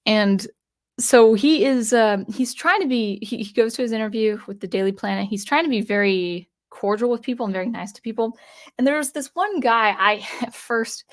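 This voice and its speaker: Chatty woman retelling a comic plot. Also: mid-range voice. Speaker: comic book reviewer. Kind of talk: casual unscripted review.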